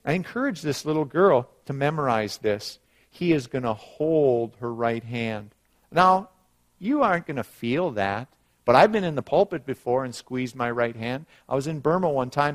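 A middle-aged man preaching a sermon, rising loud on scripture and dropping quiet for personal stories. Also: medium pitch, animated, moderate pace. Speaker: pastor.

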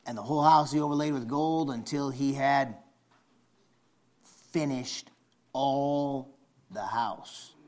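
A man preaching a sermon, folksy, repeating phrases for emphasis. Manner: builds from low conversational to shouting fervor.

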